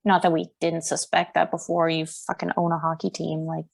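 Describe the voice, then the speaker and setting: A woman's voice: low voice, monotone, a little fast, creaky. Blunt, indignant young woman co-host. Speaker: podcast co-host. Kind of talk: casual chat.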